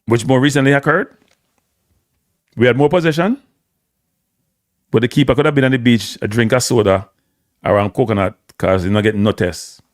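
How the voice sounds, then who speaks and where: A man's voice: medium pitch, moderate pace, pauses often, no echo, studio quality. A man with a Jamaican accent giving opinionated solo football commentary, hammering points home by repeating phrases and slipping into patois. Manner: emphatic, repeats phrases for stress, slips into patois.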